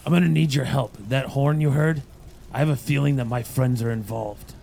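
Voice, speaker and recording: A man plays his character in a tabletop game, earnest and low-key. His voice is gravelly, with a lot of fry. Faint noise sits behind him. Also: steady tone, brisk, dark tone. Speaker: player.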